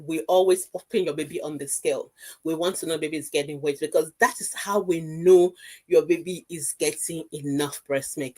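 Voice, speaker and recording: A woman pediatrician giving a health webinar talk, speaking directly to mothers in an emphatic, reassuring way and repeating key points in lists. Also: on the low side.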